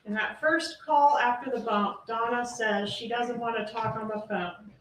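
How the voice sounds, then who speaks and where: Female prosecutor, slightly high voice, emphatic closing to a jury, heard from across a roomy courtroom. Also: fairly even intonation, moderate pace, fairly bright tone. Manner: emphatic, rhetorical questioning. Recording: roomy courtroom audio from a distance, faint hiss.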